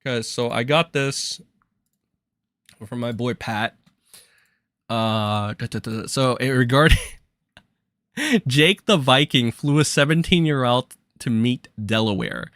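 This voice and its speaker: Bright-voiced man ranting on stream. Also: medium pitch, slow, long pauses, no room sound. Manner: profane, exasperated, rambling. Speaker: live-stream host. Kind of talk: casual live-stream commentary.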